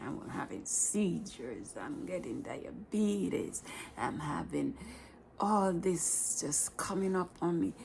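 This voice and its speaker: Jamaican woman telling her life story on her vlog, real slow and gravelly, slips into whispers a lot. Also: on the low side, animated, slight background noise. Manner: unhurried, plain-spoken, often dropping to a breathy whisper.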